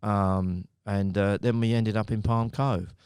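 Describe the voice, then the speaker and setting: A man's voice: lowish voice, fairly even intonation, measured pace, darkish tone, smooth, no echo, clean studio sound. Man in his sixties, rambling storyteller. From United Kingdom. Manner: rambling, anecdotal, chuckles often. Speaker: podcast guest, company founder. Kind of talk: casual storytelling.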